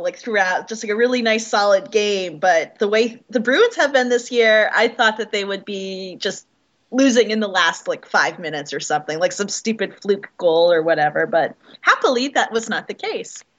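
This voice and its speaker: A woman on a sports podcast panel, talking in a relaxed, chatty way with many "like"s. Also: medium pitch. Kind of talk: casual sports podcast chat. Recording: dull, lo-fi mic.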